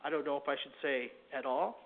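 A man preaching a sermon, reading a story from a book aloud in a halting, earnest way before speaking in his own words. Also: mid-range voice, a little hiss or hum. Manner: halting, earnest reading with frequent self-corrections. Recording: tinny phone-like recording.

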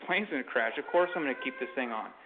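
A man's voice: mid-range voice, animated, fast talker, a little hiss or hum, close to an everyday voice. Grumbling male passenger talking to himself, as a man puts him on, thin phone-line sound. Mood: determined. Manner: complaining, thinking aloud.

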